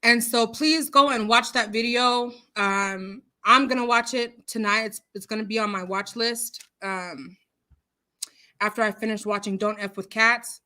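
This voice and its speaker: Her voice is a little high, bright and forceful, with fairly even intonation and a measured pace. She's a woman hosting a casual livestream, reading viewer comments aloud in a chatty, giggly, meandering style packed with fillers, gesturing with her hands as she talks.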